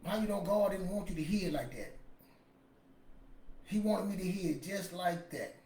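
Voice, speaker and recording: A man's voice: sits high, normal speed, warm tone, far from the mic. A man, casually telling a motivational story in a rambling, emphatic way. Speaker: podcast host. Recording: echoey room with faint ambience.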